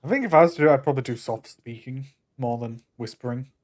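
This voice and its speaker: Guest, young man, Northern English accent, mid pitch, blunt, easygoing. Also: quick pace. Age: young adult. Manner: laid-back, blunt, swears casually. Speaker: guest in chat. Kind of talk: casual chat.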